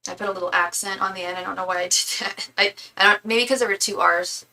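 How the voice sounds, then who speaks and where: Young woman doing a live tarot reading, bright gravelly voice, rambly and chatty, a bit far from the mic. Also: steady tone, quick pace. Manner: chatty, rambling, repeats invocations in a low murmur. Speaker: tarot reader. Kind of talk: live-stream tarot reading, casual chat.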